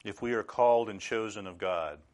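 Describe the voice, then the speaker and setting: A middle-aged man preaching a sermon in an earnest, measured way, now and then rising to loud bursts. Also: fairly low pitch.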